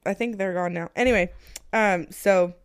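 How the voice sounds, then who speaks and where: A woman's voice: medium pitch, moderate pace, clear, resonant tone, no room sound, clean studio sound. A woman co-hosting a podcast, chatty and rambling, trailing off into fillers and short laughs. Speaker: podcast co-host. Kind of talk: casual storytelling chat. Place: small indoor room.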